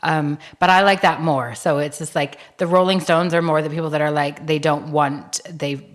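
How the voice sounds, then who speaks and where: Female co-host, chatty anecdote-teller, slightly low pitch, relaxed podcast banter. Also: normal speed. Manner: chatty, animated storyteller with frequent laughs. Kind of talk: casual chat.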